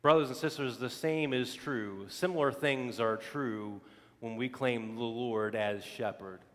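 A male pastor preaching a sermon, telling stories with lively emphatic repetition. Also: mid-range voice, a little slow, long reverb tail. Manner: animated storytelling with emphatic repetition.

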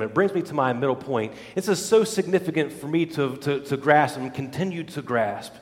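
A man preaching a sermon as pastor, dramatic, dropping to hushed low lines and then rising to loud exclamations. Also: expressive, a little fast, few pauses, big-room sound.

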